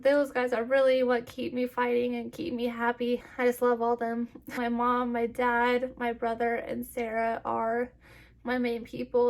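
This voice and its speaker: A young woman speaks in a slightly high voice, close to tears and catching her breath between phrases. Her talk is halting and filled with "like" and restarts, in a personal vlog to camera. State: tearful and short of breath. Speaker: vlogger.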